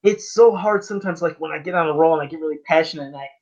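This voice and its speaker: A man co-hosting a casual podcast chat over a remote call, animated and self-conscious. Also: fairly high pitch, rapid-fire, a crowd in the background. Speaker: podcast co-host. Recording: dull lo-fi remote audio.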